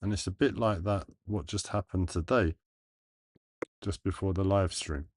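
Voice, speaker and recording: A man talking earnestly to his livestream, thinking aloud in halting phrases with pauses and restarts. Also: deep voice, no echo. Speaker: live streamer.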